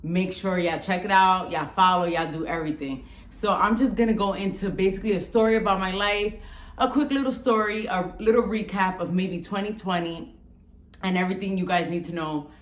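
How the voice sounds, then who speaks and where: A woman in her thirties from the Bronx with a Bronx accent and a rough voice, chatting frankly to camera and swearing freely as she tells a story. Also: mid-range voice, a little fast, reverberant. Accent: Bronx New York. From the Bronx, New York. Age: 30s. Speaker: vlogger.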